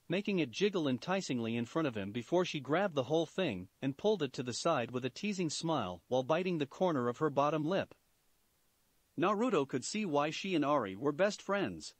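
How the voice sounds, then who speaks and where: Animated man narrating a story. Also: on the high side, no room sound. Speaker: story reader. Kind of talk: fan fiction reading.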